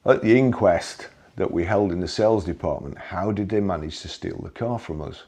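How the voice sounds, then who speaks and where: A man's voice: deep voice, normal speed, vocal fry, warm tone, husky. A man narrating personal anecdotes in a wry, conversational storytelling manner, with occasional restarts. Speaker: memoir storyteller.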